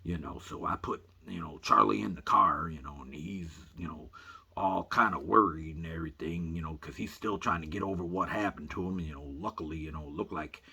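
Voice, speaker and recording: A man telling a rambling comic story in a folksy way, filling every pause with "you know", as a voice-over for photos. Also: low voice, creaky, bright, forceful tone, breathy edge.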